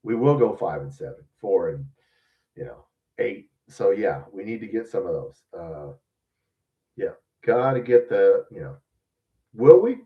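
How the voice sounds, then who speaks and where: A man's voice: fairly low pitch, sing-song, measured pace, pauses often, recorded from a distance, narrow, tinny audio. A man hosting a show, giving blunt, profane, rambling opinions in casual talk. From lives in Louisiana. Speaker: podcast host. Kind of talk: casual sports opinion rant.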